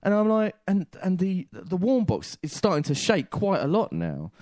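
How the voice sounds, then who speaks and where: Lively man telling a tall tale. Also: sits high, moderate pace, no echo, studio quality. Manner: animated, laughing, shouts in quoted voices. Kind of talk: absurd comic storytelling.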